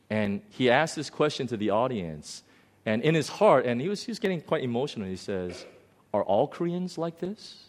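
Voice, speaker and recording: A man preaching a sermon in a conversational, storytelling way, swinging between loud outbursts and quiet, low passages. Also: big pitch swings, normal speed. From lives in Hong Kong. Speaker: pastor.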